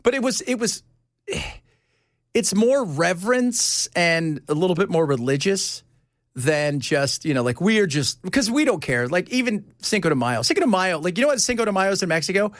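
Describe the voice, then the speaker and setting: A male talk radio host rambles through loose studio banter and laughs often. His voice sits high and swings widely in pitch. The sound is close and dry, with no room around it. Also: expressive, normal speed, dry recording.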